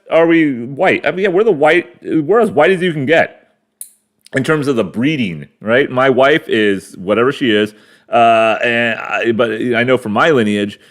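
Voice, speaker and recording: A man in his forties from the United States, hosting a rambling, crude solo monologue full of fillers and restarts. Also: medium pitch. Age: 40s. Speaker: podcast host. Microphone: camera mic.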